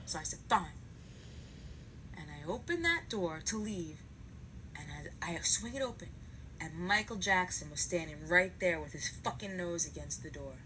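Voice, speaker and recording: Animated, profane New woman storyteller. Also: lowish voice, moderate pace, a little hiss or hum, poor audio. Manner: profane, animated, dramatic acting-out. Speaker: comedian telling a story. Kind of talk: comic storytelling.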